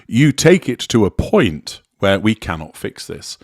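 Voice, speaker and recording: A man reading the lines of a frustrated man who reasons insistently with his partner, in a low, dry voice. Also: very animated, a little slow, a little mellow, husky, dry recording, exaggerated voice.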